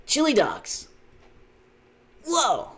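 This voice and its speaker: Guy putting on a high squeaky cartoon hedgehog, brash and show-offy, loud bursts that leap way up. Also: huge pitch swings, drawn-out words, slightly rough, exaggerated voice. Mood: cocky. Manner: brash, boastful exclamations. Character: Sonic, cocky fast male cartoon hedgehog.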